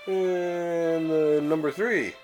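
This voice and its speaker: A man's voice: a little high, fairly even intonation, drawn-out words, a little mellow. A man hosting a laid-back chat about comic books in a home library. He rambles, restarts his sentences and laughs often. Faint music plays under his voice. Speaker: show host.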